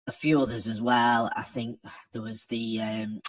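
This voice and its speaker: Husky man chatting football news. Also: medium pitch, level tone, measured pace, poor audio. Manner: chatty, opinionated, thinks aloud with restarts. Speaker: football fan channel host. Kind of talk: casual news commentary to camera.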